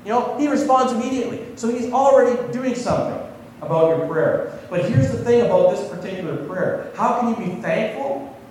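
Man, pastor, sermon, lively ups and downs, far from the mic in an echoey hall. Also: very high-pitched, a little fast, a little hiss or hum. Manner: conversational, asks the congregation questions.

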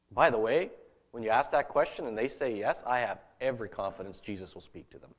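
Male pastor mid-sermon; lively and expressive, chatty delivery that turns soft and earnest. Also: mid-range voice, fairly quick, in a large hall. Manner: animated, conversational preaching that drops to soft, earnest tones.

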